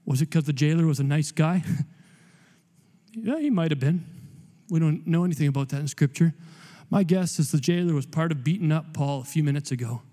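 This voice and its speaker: A man's voice: a little high, brisk, dark tone. A man preaching a sermon in an emphatic, rambling way, with joking asides and repeated words. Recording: long hall reverb.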